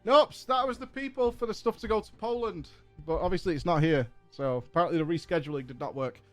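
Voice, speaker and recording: A man streaming a game from home, telling a story in a casual, animated, exasperated way and swearing often. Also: high-pitched, fast talker, dry recording, faint music behind.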